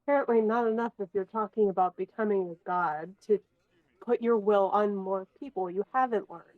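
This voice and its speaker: A woman's voice: medium pitch, brisk, dry recording. A woman playing in a tabletop role-playing game, talking in a casual, wry way. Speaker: player. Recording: dry, dull lo-fi mic.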